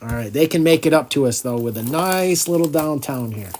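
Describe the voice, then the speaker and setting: A man's voice: fairly high pitch, fairly quick, background noise. A man hosting a live card break, chatting as he calls out each card and groaning when a pack comes up empty.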